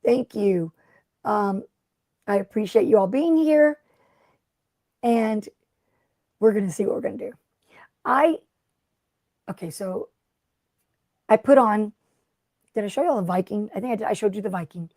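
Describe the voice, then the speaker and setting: A woman's voice: medium pitch, lively intonation, measured pace, long pauses, a little mellow, dry recording, clean studio sound. A middle-aged woman hosting a casual craft livestream, rambling and chatty as she greets viewers by name. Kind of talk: casual live-stream chat.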